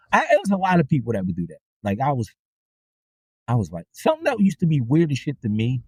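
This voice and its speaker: A man telling stories casually as a podcast host, profane and animated, his voice shooting up high when he acts out his reactions. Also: fast talker, husky, dry recording. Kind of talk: casual storytelling monologue.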